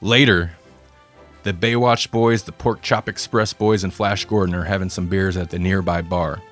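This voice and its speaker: A man reading a comedic story aloud in a relaxed way, with dry asides. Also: deep voice, moderate pace, faint music behind. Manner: relaxed, self-deprecating asides.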